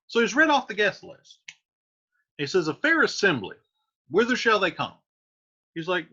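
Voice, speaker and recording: A man's voice: sits high, very animated, moderate pace, long pauses, sharp tone, slightly rough, muffled recording. A man teaching a play, reading the old verse aloud and then paraphrasing each line in casual everyday words.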